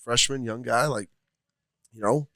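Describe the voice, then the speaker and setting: A man's voice: medium pitch, measured pace, bright, forceful tone, no echo. A man, a former football player, giving rambling, thoughtful casual sports talk in a restaurant studio. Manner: thoughtful, rambling, many fillers.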